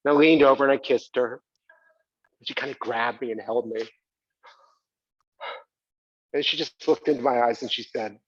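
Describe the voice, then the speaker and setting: A man's voice: medium pitch, moderate pace, slightly rough. A man performing a chatty, self-mocking autobiographical monologue on a theater stage. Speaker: solo performer. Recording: dull live theater recording.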